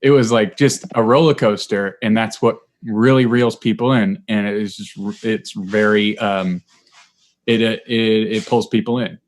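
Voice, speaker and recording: A man's voice: on the low side, steady tone, normal speed. Casual, encouraging podcast host man.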